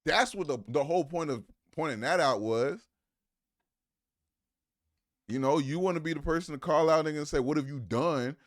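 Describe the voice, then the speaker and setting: A man's voice: on the high side, moderate pace, pauses often. A man streaming live, reacting to a clip with profane, mocking, incredulous commentary.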